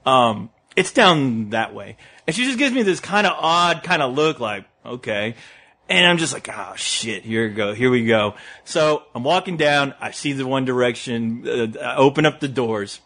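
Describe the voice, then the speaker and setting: Male co-host, high, bright voice, animated comic storyteller who keeps laughing. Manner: animated, laughs often through his own story. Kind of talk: comic storytelling in casual chat.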